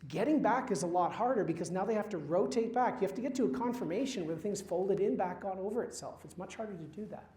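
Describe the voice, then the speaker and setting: A man's voice: high-pitched, darkish tone. A man giving a university chemistry lecture, quizzing his students with questions and dropping wry asides. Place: lecture hall. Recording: roomy lecture hall echo.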